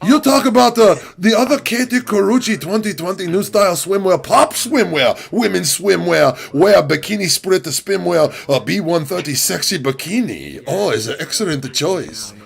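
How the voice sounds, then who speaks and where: A man's voice: high voice, expressive, moderate pace, vocal fry, hardly any pauses, voice pushed up. A man voicing a very polite male online-shop phone operator who talks in broken English and recites long product titles. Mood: eager, salesy. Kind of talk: comedy impression bit.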